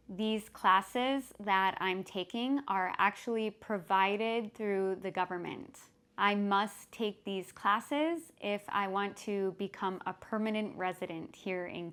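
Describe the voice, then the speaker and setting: A woman narrates her evening routine at an easy, unhurried pace. Her voice sits at a middle pitch, and she tells the day in a calm, plain way. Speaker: English-teaching vlogger. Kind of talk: narrated daily vlog. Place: home in Korea.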